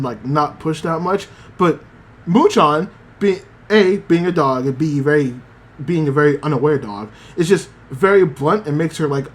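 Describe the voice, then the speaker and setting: A man's voice: on the high side, husky. A man hosting a podcast, casually recapping an anime episode, rambling with many fillers. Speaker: podcast host.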